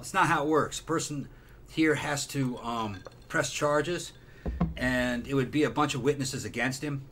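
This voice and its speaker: A man's voice: mid-range voice, moderate pace, fairly bright tone, slight background noise. A man hosting a casual podcast chat, emphatic and opinionated, swearing often. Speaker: podcast host.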